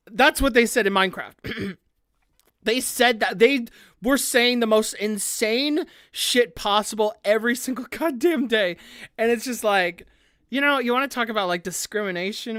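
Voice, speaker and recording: A woman's voice: a little high, a bit bright, no echo, clean studio sound. A woman streamer chatting casually on a live stream, rambling with lots of "like" fillers and frequent laughter.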